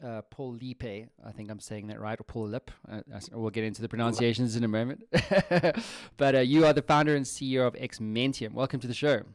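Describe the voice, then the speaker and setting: A man's voice: mid-range voice, brisk, no echo, clean studio sound. A man hosting a casual podcast interview, chatty and slangy, laughing often. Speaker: podcast host.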